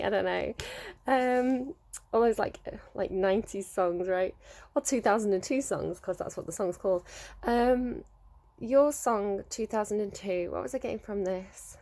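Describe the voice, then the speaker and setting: A woman in her thirties gives a casual tarot reading in a chatty, rambling way. She talks at an easy middling pitch and laughs often between her thoughts. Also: mellow. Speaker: tarot reader.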